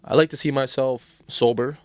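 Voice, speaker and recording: A man's voice: mid-range voice, steady tone, moderate pace, dry recording. A man, a podcast guest telling stories in crude, slangy casual chat, tossing in "bro" constantly.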